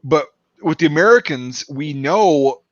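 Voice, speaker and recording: This filmmaker's voice sits on the high side, unhurried and lively in intonation. Chatting casually on a podcast about his production, he rambles, filling pauses and restarting often; the audio is dull with no room sound.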